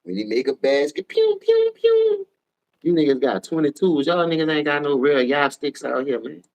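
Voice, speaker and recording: A tired man with a New Orleans accent ranting profanely on a casual sports livestream, switching between low mumbles and loud outbursts. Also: fairly quick, vocal fry. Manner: profane, heated, jumps between mumbling and shouting.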